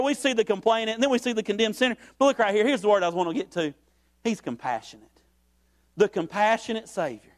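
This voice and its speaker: High-voiced preacher. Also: male voice. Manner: folksy, repetitive, building emphasis. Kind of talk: sermon.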